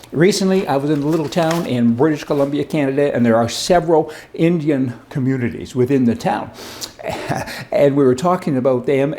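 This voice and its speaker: A man's voice: a little high, warm tone. A man hosting a casual political commentary monologue, sarcastic and emphatic, full of asides and rhetorical questions.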